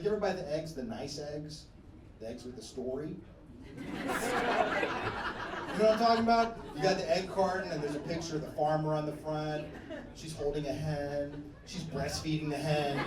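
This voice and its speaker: Stand-up comic, male, high voice, profane riffing; echoey noisy club sound. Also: recorded from a distance. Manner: loose, profane, riffing with crowd laughter. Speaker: stand-up comedian. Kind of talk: stand-up comedy set. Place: comedy club stage. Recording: echoey venue, mic heard from afar, noisy.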